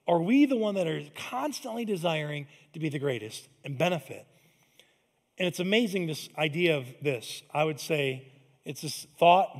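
Fairly high-voiced pastor preaching in a reverberant hall. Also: male voice. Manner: conversational preaching, swings from loud emphatic to hushed. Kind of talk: sermon. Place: large church sanctuary.

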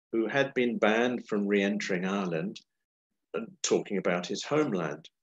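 A man delivers a history lecture, talking through his slides with wry, unhurried asides. His pitch sits in the ordinary middle range for a man. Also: rough recording.

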